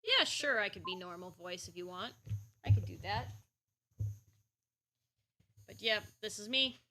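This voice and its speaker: A woman's voice: medium pitch, animated, unhurried, bright, forceful tone, slight background noise. A woman streamer chatting casually while drawing, rambling and playful.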